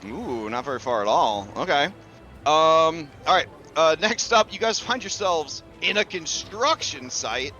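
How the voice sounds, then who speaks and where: Chatty, bright-voiced game master. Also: male voice, a little high, lively intonation, a little slow, lo-fi sound, faint music behind. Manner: loose and chatty, with many fillers and curses. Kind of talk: narrating a tabletop game.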